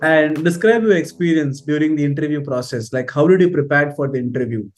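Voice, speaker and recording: A man's voice: fairly high pitch, fairly quick, faint music behind. A man with an Indian English accent, a trainer interviewing his former student in a chatty way, often repeating himself. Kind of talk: casual interview.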